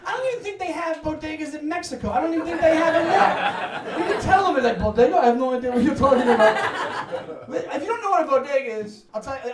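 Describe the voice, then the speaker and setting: A man doing a stand-up comedy set, energetic and profane with loud, punchy outbursts. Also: very high-pitched. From United States. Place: New York apartment with live audience. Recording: echoey room, mic at distance, audience laughter.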